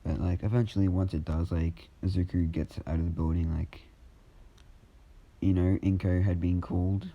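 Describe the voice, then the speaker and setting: A man's voice: low voice, fairly even intonation, moderate pace, lo-fi sound. A man casually telling an improvised fan story, rambling with many fillers.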